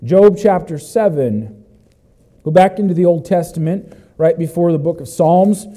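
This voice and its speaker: A man preaching a sermon as pastor, walking through a Bible passage and breaking into loud exclamations. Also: a little high, measured pace.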